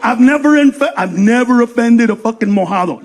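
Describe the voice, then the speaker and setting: A man doing a stand-up comedy set on a club stage, loud and profane, acting out characters in quick voices. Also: very high voice, animated. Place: comedy club stage before a laughing audience.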